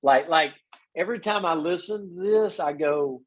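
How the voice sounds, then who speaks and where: Husky, slow-talking enthusiastic male host. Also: a little high. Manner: gushing, emphatic. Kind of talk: enthusiastic commentary.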